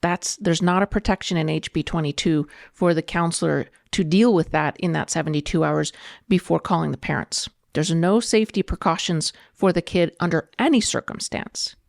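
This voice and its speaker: A middle-aged woman, a podcast guest, arguing her position in an earnest, measured way. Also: lowish voice, vocal fry, no echo, studio quality. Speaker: guest, political candidate. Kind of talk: debate in a podcast interview.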